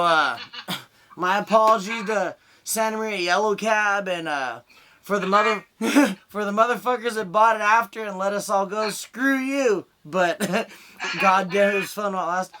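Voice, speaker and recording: A man's voice: sits high, bright, forceful tone. A young man doing a stand-up set over a video call, rambling through crude stories. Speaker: stand-up comedian.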